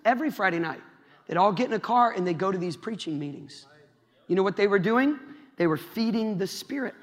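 A man's voice: high-pitched, lively intonation, fairly quick. A young man from Iowa preaching a sermon to a youth crowd in a large church hall, telling stories and addressing the audience directly. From Iowa, USA. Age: young adult. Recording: long hall reverb.

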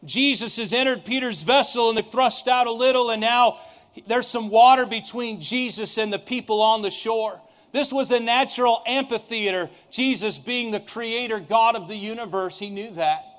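A man preaching a sermon, emphatic, slowing and dropping to a hush on key lines. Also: very high voice.

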